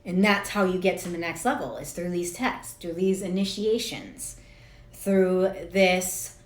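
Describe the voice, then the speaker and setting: A woman's voice: lowish voice, measured pace. Blunt, profane woman coach in an echoey room. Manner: profane, blunt and rambling, laughs at herself. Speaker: spiritual coach. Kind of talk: casual direct-to-camera monologue.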